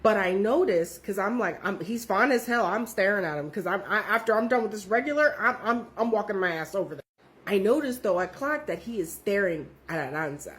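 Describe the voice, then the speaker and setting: A woman telling a story in a casual, profane, animated way, with her voice jumping up when she quotes people. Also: brisk. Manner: animated, profane, jumps high when quoting others.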